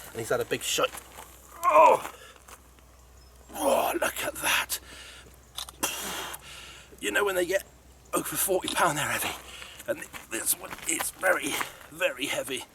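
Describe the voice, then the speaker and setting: A man filming his fishing trip by a lake, breathless and excited as he talks over his catch. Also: a little high. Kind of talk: excited outdoor vlog chat. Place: outdoors by a lake. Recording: outdoor recording with loud background noise.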